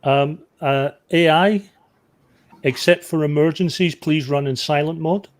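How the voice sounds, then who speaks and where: A man's voice: fairly high pitch, a little slow. A man playing a tabletop game, blunt and profane with dry jokes. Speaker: player.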